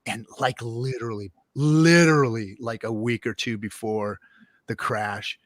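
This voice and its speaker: A man's voice: lowish voice, flat delivery, unhurried, a bit bright, dry recording, clean studio sound. A man guest telling his story in a casual, rambling and profane way, full of fillers and restarts.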